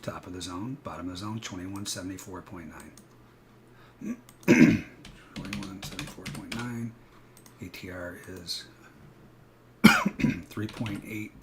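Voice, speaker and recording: Guy walking thru live trades, lowish voice, gets loud acting out panicky traders, bit of hiss behind. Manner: animated, acts out panicked traders, rapid asides. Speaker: futures trading coach. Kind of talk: live trading walkthrough.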